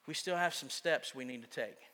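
A man preaching a sermon as pastor in a church, earnest, moving between loud emphasis and quiet confiding. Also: medium pitch, brisk, a little hiss or hum. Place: church sanctuary. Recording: long church reverb.

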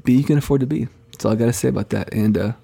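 Flustered male podcast host, husky voice. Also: medium pitch, very fast, mellow. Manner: hesitant, many fillers, flustered. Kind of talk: comedic podcast sketch, playing the straight man.

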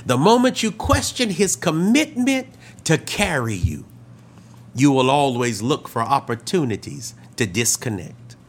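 A man preaching a sermon as a pastor, telling stories with dramatic swings between loud and hushed delivery. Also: medium pitch, sing-song, unhurried, slight background noise. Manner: dramatic storytelling, acts out quoted voices, swings loud and hushed.

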